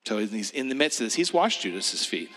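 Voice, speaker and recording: A male preacher leading a reflective, meditative sermon, speaking gently and often sinking into a hushed near-whisper. His tone is bright and clear. A long hall reverb hangs on every phrase. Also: on the low side, sing-song, brisk.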